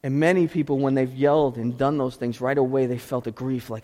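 A pastor preaching a sermon with passion, moving between pleading cries and hushed intensity. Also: male voice, medium pitch, fairly even intonation, a little fast. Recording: long hall reverb.

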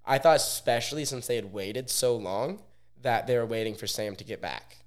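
A relaxed young man from Oregon, spinning a story as a podcast guest. His voice sits at an ordinary middle pitch, and his talk drifts along easily, packed with "like" at every turn. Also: moderate pace. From Oregon, USA. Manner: laid-back, fills speech with "like". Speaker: podcast guest, pro athlete. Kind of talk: casual storytelling.

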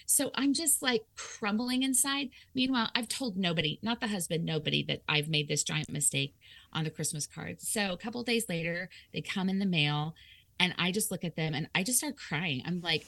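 A woman's voice: fairly low pitch, normal speed, creaky, no room sound. A woman author telling a personal story in conversation, laughing often and acting out her own thoughts. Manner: lively, laughing, acts out quoted thoughts. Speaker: author guest.

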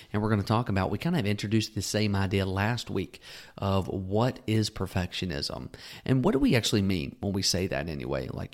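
A man hosting a Christian podcast, teaching in a casual, conversational way with rhetorical questions and self-corrections. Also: fairly low pitch. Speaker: podcast host.

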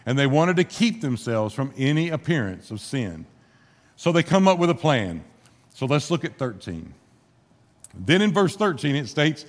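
A man's voice: mid-range voice, sing-song, normal speed. A man preaching a sermon in a church, reading scripture aloud and then explaining it in plain conversational words. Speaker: pastor. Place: church sanctuary with a congregation. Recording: long hall reverb.

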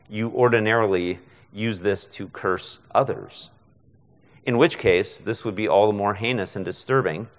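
Male guest preacher, lowish voice, conversational sermon, long hall reverb. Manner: conversational, frequent rhetorical "right?". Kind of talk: expository sermon.

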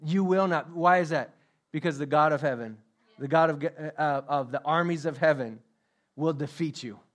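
A man's voice: fairly high pitch, moderate pace, fairly bright tone. A man preaching a sermon as pastor, emphatic, repeating his questions and joking about himself. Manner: self-deprecating humor.

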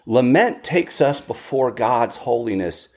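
A man's voice: mid-range voice, lively intonation, unhurried, darkish tone. A man teaching a Bible study lesson in an earnest way, often restarting and repeating words.

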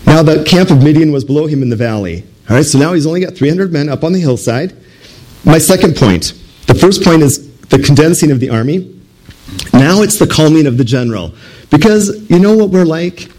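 Man, preacher, sermon, conversational, rhetorical questions, somewhat high voice. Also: lively intonation, a little fast, a little mellow, rough recording.

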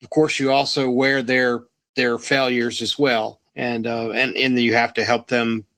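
Relaxed male podcast host. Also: medium pitch, unhurried. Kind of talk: casual interview chat.

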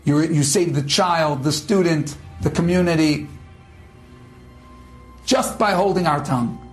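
A man giving a short inspirational talk as a religious teacher, speaking emphatically with pauses and sudden drops to a low tone. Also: faint music behind.

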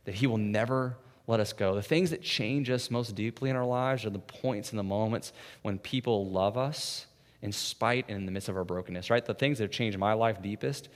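With a lowish voice at a normal speed, a pastor preaches in a conversational way, frequently adding "right?" as he swings from hushed, soft passages to loud, intense ones. The recording carries the long reverb of a large hall.

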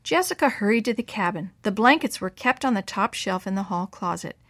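A woman reads a children's story aloud in a measured, expressive voice of middle pitch. The recording is dry and close, with no room sound. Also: no echo.

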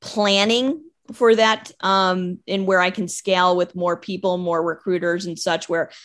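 A woman's voice: fairly low pitch, fairly even intonation, a little slow, fairly bright tone. A woman who runs a recruiting business, a guest on a podcast, speaking candidly and chattily, often stumbling into her sentences. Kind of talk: casual interview chat.

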